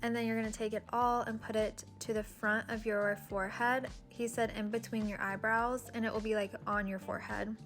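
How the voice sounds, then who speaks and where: A woman's voice: on the high side, flat delivery, brisk, hardly any pauses, a bit bright, soft background music. A woman vlogger talking through her steps in a casual voice-over, chatty and loose, with plenty of "like" and "um". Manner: chatty, with fillers like "like" and "um".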